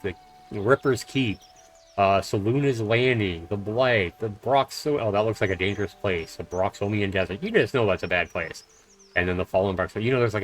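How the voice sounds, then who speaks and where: A man doing casual live commentary while playing a game, chatty and loose with fillers. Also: lowish voice. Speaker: game streamer. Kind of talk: live let's-play commentary.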